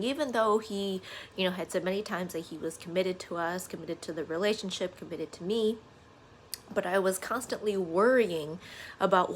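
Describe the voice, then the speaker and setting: A woman's voice: mid-range voice, slight background noise. A woman in her thirties talking earnestly to her viewers in a casual vlog, with lots of "uh" and "you know". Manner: earnest, conversational, many fillers like "uh" and "you know". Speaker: vlogger. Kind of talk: casual reflective monologue to camera.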